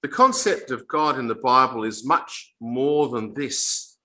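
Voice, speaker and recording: A man's voice: medium pitch, bright, forceful tone, low-quality recording. A man giving an informal Bible talk to a small group. He explains in a plain, conversational way, often stopping to repeat and restart his phrases. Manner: halting, repeats and restarts phrases mid-sentence. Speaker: Bible teacher.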